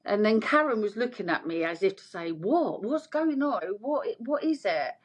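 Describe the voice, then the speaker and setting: A woman's voice: medium pitch, normal speed. A middle-aged woman, a guest telling her story in an interview and acting out the voices of the people in it. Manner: animated, acts out quoted voices.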